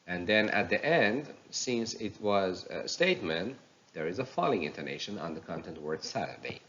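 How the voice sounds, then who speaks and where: A man teaching pronunciation in a recorded lecture, explaining slowly and reading example sentences aloud. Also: low-pitched, very animated, a bit bright, highs cut off, a little hiss or hum.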